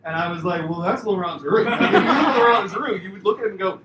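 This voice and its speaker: Man, middle-aged, high-pitched, animated storyteller, laughs often, eulogy anecdote, distant mic, echoey room, noisy. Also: racing, hardly any pauses. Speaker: former talent agent giving a memorial tribute. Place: indoor memorial gathering.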